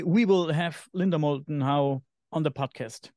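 A man with a German accent chats casually as a podcast co-host, his voice a little higher than most men's. He stops now and then to find the right English word. The sound is close and dry, with no room around it. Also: a little mellow, no room sound. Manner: halting, searches for English words. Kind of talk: casual chat.

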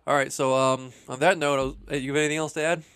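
A man's voice: medium pitch, fairly even intonation, racing, fairly bright tone, clean tone, no echo, clean studio sound. A man hosting a podcast, chatting casually and joking as he wraps up the show. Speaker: podcast host.

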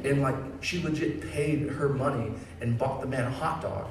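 A man's voice: medium pitch, normal speed, a crowd in the background. A man in his thirties preaching a sermon, telling a family story casually, then rising into fervent preaching. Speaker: pastor. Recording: echoey hall, distant mic, noisy.

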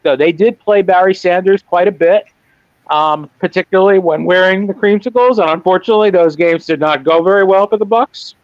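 A man's voice: sits high, no echo. Wry rambling man, muffled dry sound. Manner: rambling, self-correcting, wry. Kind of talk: casual sports chat.

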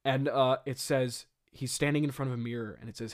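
A man's voice: medium pitch, fairly even intonation, brisk, hardly any pauses. A young man giving comedic commentary on his old script, incredulous, laughing and rambling. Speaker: host.

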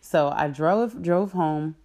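A woman with a notably low, deep speaking voice tells a personal faith testimony straight to her viewers. She talks casually and earnestly, filling pauses with "um" and "like" and laughing in the middle of sentences. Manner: earnest and animated, with frequent "um" and "like" and laughs mid-sentence.

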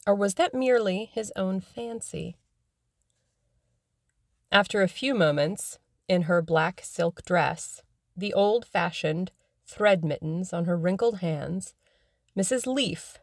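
A woman narrating a classic novel in a measured, even way, as scripted audiobook narration. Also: on the low side, vocal fry, no echo, clean studio sound.

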